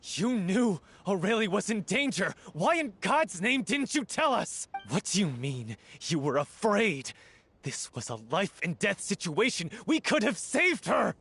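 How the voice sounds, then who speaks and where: A furious grieving troupe actor. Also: male voice, sits high, very animated, a little slow, a bit bright, a little hiss or hum, heavily acted. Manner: accusing, furious. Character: grieving, hot-tempered male troupe actor. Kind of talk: video game voice acting.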